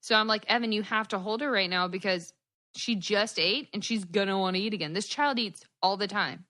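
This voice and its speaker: Bubbly bright-voiced woman chatting on a call. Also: mid-range voice, brisk. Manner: bubbly, laughing, animated storytelling. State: tired new mother. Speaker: podcast co-host. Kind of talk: casual chat. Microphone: headphones on a video call.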